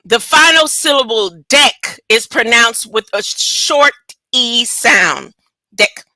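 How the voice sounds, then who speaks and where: A woman's fairly high, expressive voice comes across bright and forceful in a dry recording. Teaching a casual Bible study, she reads the text with drawn-out, halting delivery and breaks off for chatty comments and rhetorical questions.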